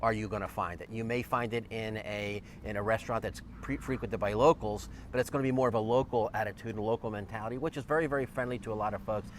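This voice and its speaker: Guy real estate host, talks fast and punchy, keeps saying okay, a little noise behind him. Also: lowish voice, fairly even intonation. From lived in northeast Georgia. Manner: emphatic, keeps checking in with "okay?". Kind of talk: casual chat to camera.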